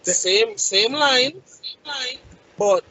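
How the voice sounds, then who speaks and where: A man's voice: extremely high pitch, animated, drawn-out words, sharp tone. A man chatting on a podcast, explaining points emphatically by example, over a dull lo-fi recording with crowd noise behind. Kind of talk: casual podcast chat.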